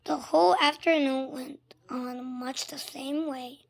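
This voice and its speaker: Woman narrating a children's book read-aloud; expressive, often hushed, high voice with a gravelly edge. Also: measured pace. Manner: expressive, shifting between loud and hushed. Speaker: storybook reader.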